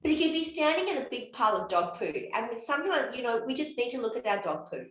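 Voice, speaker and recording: A woman in her fifties co-hosts a casual podcast in a slightly high voice. She talks animatedly, swears freely and acts out little everyday scenes. The room around her sounds echoey. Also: big pitch swings, fast talker. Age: 50s. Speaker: podcast co-host and coach.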